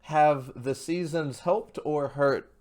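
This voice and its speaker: A man's voice: fairly high pitch, slow pace, a little mellow. A man hosting a casual podcast. He reads out viewer questions from the live chat and agrees easily with his guest. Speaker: podcast host.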